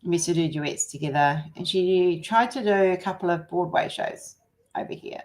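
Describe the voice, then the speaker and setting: A woman's voice: lowish voice, moderate pace, darkish tone. A woman from New Zealand with a New Zealand accent, chatting casually on a livestream, rambling and laughing often. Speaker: livestream host. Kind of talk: casual chat.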